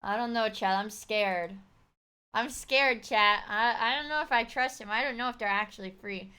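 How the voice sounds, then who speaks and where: A woman streamer chatting casually as she reacts to a video, excitable and swearing, shrieking thanks to her viewers. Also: a little high, moderate pace, clear, resonant tone.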